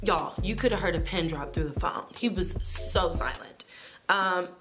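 Young adult woman, vlogger, sassy and animated storytime delivery, over a clear music bed. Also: fairly low pitch, moderate pace. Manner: animated, sassy, talks straight to viewers. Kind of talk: casual storytime.

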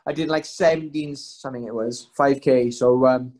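A young fighter on a podcast tells rambling tales at his own expense, cursing throughout the casual conversation. His mid-range voice is steady and darkish, at a moderate pace.

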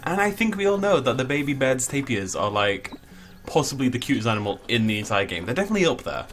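A man's voice: mid-range voice, sing-song, fast, fairly bright tone, a little hiss or hum. A man giving casual, playful commentary while he plays a video game, full of jokey asides. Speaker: let's play host.

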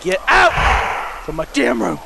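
Frantic high-voiced man, cursing at monsters. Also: very animated, measured pace, creaky, noisy background. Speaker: gaming video host. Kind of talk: horror game commentary.

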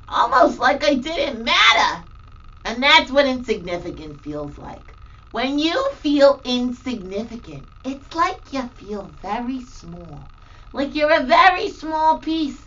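In a children's educational show, a woman plays a cheerful, playful grandmother hosting a segment about feelings, using a full character voice. Her high, swooping delivery is slow, bubbly and animated, with frequent exclamations. The recording sounds distant and dull.

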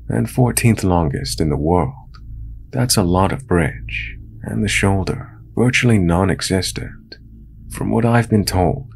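Deep, gravelly male horror narrator. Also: a little hiss or hum.

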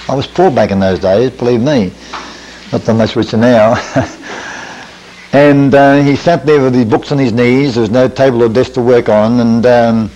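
With a mellow, mid-range voice, an older preacher weaves folksy sermon stories and pokes fun at himself at a camp meeting. The audio is poor, a radio-quality recording from the 1980s.

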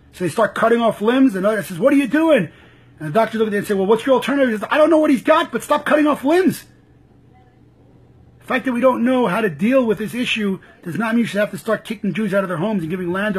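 A man's voice: high voice, slightly rough. A man giving impassioned, frustrated live commentary, firing off rhetorical questions and repeating himself. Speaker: political commentator.

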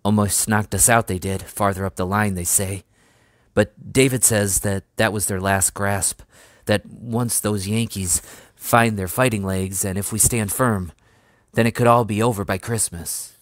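A man voicing a gentle young farm lad turned soldier, who speaks softly and fondly as if to his horse. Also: lowish voice, fairly even intonation, a little slow, no room sound, studio quality, natural voice. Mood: hopeful.

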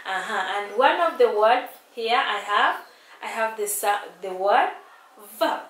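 A woman's voice: a little high, animated, fairly bright tone, echoey room, distant mic. Sing-song woman teaching kids phonics. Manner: sing-song, drawn-out letter sounds, coaxing questions. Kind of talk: phonics lesson for young children.

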